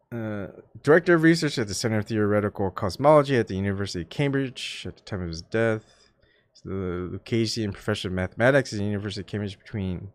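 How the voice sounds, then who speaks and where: Rambling and self-deprecating, this YouTube channel host chats casually to his live-stream viewers, full of fillers and false starts. His pitch is fairly low, and there's no echo.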